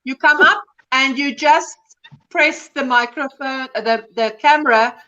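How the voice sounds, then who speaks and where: A woman's voice: sits high, unhurried, sharp tone, dull audio. A woman hosting a crafting livestream, cheerfully reading out viewer comments and chatting. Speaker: livestream host. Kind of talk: casual chat, reading viewer comments aloud.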